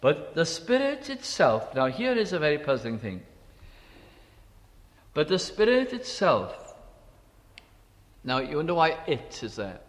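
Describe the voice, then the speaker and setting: Man preaching slow and deliberate, voice rising and falling a lot, long echo from the hall. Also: on the high side, huge pitch swings. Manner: slow, emphatic, repeats phrases, drops to quiet asides. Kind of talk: sermon.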